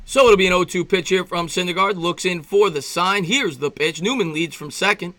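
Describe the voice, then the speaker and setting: A man calling a baseball game play by play as a fan host, chatty and rambling, breaking off between pitches to greet viewers and reminisce, his voice jumping up when excited. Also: a little fast. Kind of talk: amateur play-by-play commentary with reaction.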